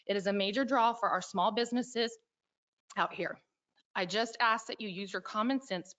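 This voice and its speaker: A woman's voice: medium pitch, fairly bright tone, low-quality recording. Earnest middle-aged woman reading a statement. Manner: earnest, pleading. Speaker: public commenter. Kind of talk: reading a prepared public comment.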